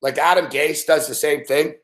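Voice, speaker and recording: A man's voice: fairly high pitch, steady tone, moderate pace, fairly bright tone. A man giving a live sports betting rant, profane and exasperated.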